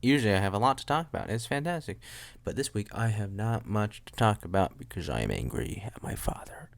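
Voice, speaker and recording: A man's voice: fairly low pitch, big pitch swings, brisk, creaky. A young man hosting a solo podcast from home, rambling and joking at his own expense, often trailing off and restarting. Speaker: podcast host. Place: room at home with a loud air conditioner.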